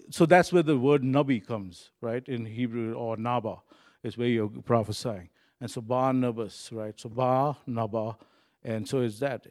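A man's voice: mid-range voice, a little mellow. A man preaching a sermon in an earnest, conversational way, full of fillers and restarts. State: choked up when recalling a moving moment. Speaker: pastor.

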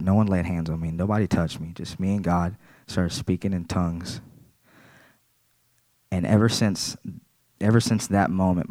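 A man's voice: deep voice, a little mellow, no room sound. A man giving a personal church testimony, earnest and plain-spoken, repeating his phrases.

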